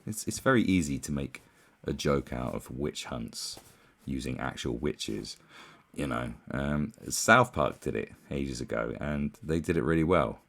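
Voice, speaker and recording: A man's voice: a bass voice, expressive, a little slow, vocal fry, a bit bright. A man giving casual commentary, rambling and scornful, with many fillers and restarts. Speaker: commentary YouTuber.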